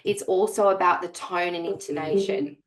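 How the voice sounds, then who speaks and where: In a webinar presentation, a woman coaches real estate agents, speaking energetically and emphatically directly to her audience. Her voice sits on the low side with a steady tone and moderate pace, and the sound is roomy.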